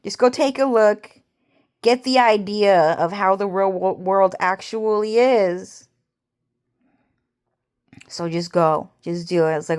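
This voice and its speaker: A woman's voice: medium pitch, measured pace. A young woman vlogger talking to camera in a rambling, agitated personal monologue, swearing heavily and repeating herself.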